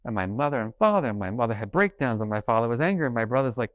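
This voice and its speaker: Middle-aged male keynote speaker, mid-pitched, animated storytelling, dry stage mic. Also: rapid-fire, dry recording. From New York. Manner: animated, acts out quoted dialogue. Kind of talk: conference talk, storytelling. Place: conference stage.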